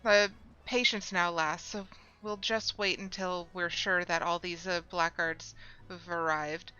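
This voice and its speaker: A woman reading a gruff, streetwise male rogue from a video game, using a thick slangy put-on accent. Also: mid-range voice, normal speed, bright, forceful tone, lo-fi sound, soft background music, close to an everyday voice. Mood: scheming. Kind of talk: reading game dialogue aloud.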